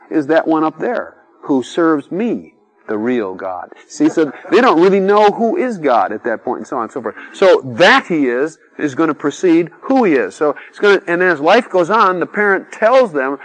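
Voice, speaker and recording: A middle-aged man gives an informal sermon, talking to the listeners like a friend. His pitch swings widely and freely, and he keeps dropping in little acted-out voices between easy asides. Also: big pitch swings, normal speed, no echo, low-quality recording. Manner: conversational, peppered with "you know", acts out quoted voices.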